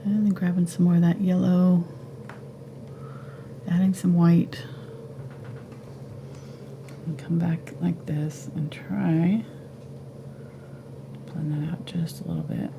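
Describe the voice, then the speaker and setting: A woman giving a live painting tutorial at home, relaxed and thinking aloud as she paints. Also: lowish voice, slow, gravelly, long pauses, highs cut off, background noise. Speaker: painting instructor.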